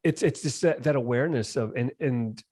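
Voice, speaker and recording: A man hosting a podcast interview in an easy, casual way. He talks quickly, circling back with restarts and plenty of "you know", and acts out quoted reactions as he goes. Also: mid-range voice, darkish tone, dry recording, clean studio sound. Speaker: podcast host.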